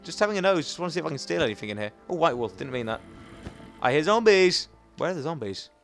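Excitable young man gaming. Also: fairly high pitch, fast talker, gravelly. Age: young adult. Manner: excitable, chatty, sudden loud squeals. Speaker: gaming channel host. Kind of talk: casual let's play commentary. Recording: faint game music behind.

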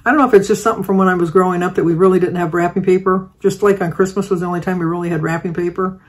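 A woman's voice: lowish voice, fairly even intonation, very fast, a little mellow, breathy edge. An older woman vlogger telling a rambling, chatty everyday story, full of fillers and restarts. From Michigan, United States. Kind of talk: casual storytelling.

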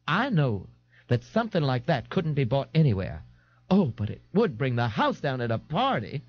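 A man voicing a flamboyant, giddy young man in an audiobook, gushing and sing-song with breathy gasps. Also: medium pitch, very animated, moderate pace, no room sound, voice pushed up. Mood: teasing. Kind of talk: audiobook character voice. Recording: dull, dry 1989 tape recording.

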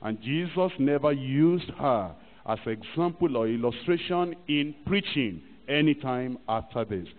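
A man's voice: mid-range voice, expressive, measured pace, hardly any pauses. A man preaching a sermon emphatically and acting out little scenes from church life. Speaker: pastor. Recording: tinny archive recording in a reverberant hall.

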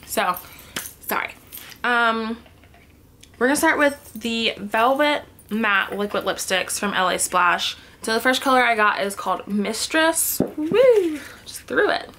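A woman with a fairly high, expressive voice and a sharp tone speaks at a measured pace over slight background noise. Sitting on the floor at home, this beauty vlogger talks to a camera in a casual product swatching vlog, chatty and thinking aloud, often dropping to a murmur.

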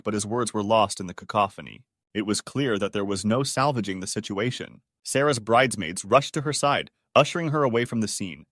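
Male narrator for dramatic story readings; expressive, swinging pitch, close dry sound. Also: dry recording.

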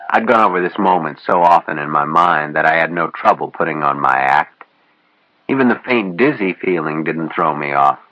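Man, audiobook narrator, wry hard-boiled telling, very deep voice, lively pitch, dry slightly dull recording. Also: no echo. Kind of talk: first-person storybook narration.

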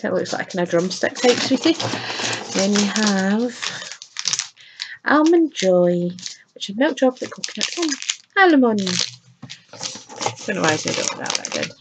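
A woman chatting casually as she unboxes a box of sweets, chirpy and quick to laugh. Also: mid-range voice, gravelly, very noisy. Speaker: unboxing vlogger.

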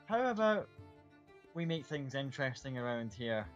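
A man voicing a cheerful, showy male gnome bard with a high, playful, boisterous voice, in a muffled lo-fi recording. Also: big pitch swings, moderate pace, faint music behind, close to an everyday voice.

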